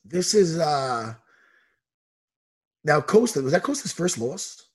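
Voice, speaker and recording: A man's voice: on the high side, very animated, slow, husky. A man, an MMA coach, chatting casually on a podcast, ranting heatedly and swearing a lot. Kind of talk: casual chat.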